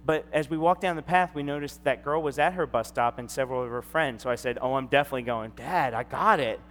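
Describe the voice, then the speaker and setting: Fast and medium-pitched, this middle-aged preacher animates a personal story in his sermon by acting out each quoted voice. There's long hall reverb and a faint hum.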